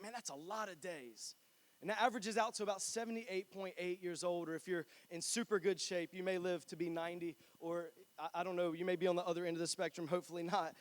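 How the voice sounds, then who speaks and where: A young man with a fairly high voice preaches a sermon to his church. He talks in a casual, joking way and tells stories from his own life. He is from North Carolina. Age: 20s. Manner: chatty, joking, animated storytelling. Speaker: pastor.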